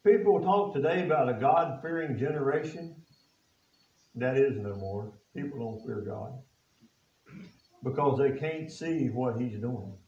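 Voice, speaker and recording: Echoey, distant pastor preaching a sermon. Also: male voice, medium pitch, lively intonation, a little slow, darkish tone. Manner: preaches with rhetorical questions to the congregation; reads scripture aloud in old biblical wording. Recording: echoey, distant and dull-sounding.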